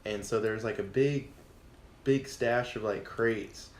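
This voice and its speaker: A man in his twenties, a podcast guest, telling a casual story in a profane, animated way and acting out what people said. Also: lowish voice, slow pace, a little hiss or hum. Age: 20s. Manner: profane, animated, acts out quotes. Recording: echoey room.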